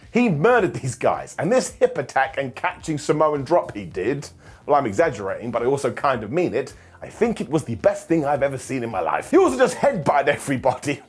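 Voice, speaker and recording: A man's voice: medium pitch, husky. A man giving a jokey, sarcastic recap of a wrestling show, full of mock asides to the wrestlers.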